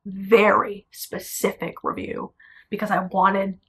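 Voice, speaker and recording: Young female singer for a vlog, blunt and animated with a gravelly edge. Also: medium pitch, takes it slowly. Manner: animated, blunt, swears casually. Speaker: singer telling her story. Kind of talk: casual storytelling vlog. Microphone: camera.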